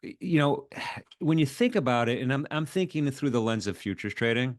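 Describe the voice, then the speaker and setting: A man's voice: mid-range voice, animated, moderate pace, dry recording. Hesitant man, dry close sound. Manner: hesitant, many restarts and fillers. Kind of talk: casual market discussion.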